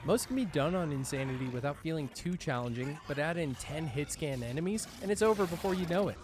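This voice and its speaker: A man's voice: a little high, animated, fast talker, background noise. A man hosting his own gaming video, giving scripted commentary in a sarcastic, profane, self-mocking way.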